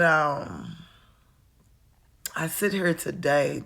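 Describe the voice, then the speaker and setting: Slow, low-voiced woman in her forties. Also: steady tone, a bit bright. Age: 40s. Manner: chatty, calls the listener honey and child. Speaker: vlogger. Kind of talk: reflective casual monologue. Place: at home, indoors.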